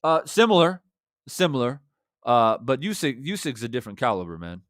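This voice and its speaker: A man's voice: medium pitch, big pitch swings, normal speed, a bit bright, no room sound, studio quality. A man hosting a live-stream about boxing who reads out viewer chats. He talks in a brash, confident way and speaks straight to his viewers. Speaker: boxing YouTuber. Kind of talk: live-stream commentary reading super chats.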